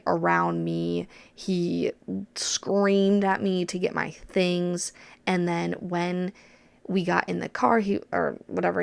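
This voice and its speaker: A woman's voice: lowish voice, creaky, dry recording. A woman, hosting a podcast and bluntly retelling a personal story, swearing freely. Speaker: podcast host.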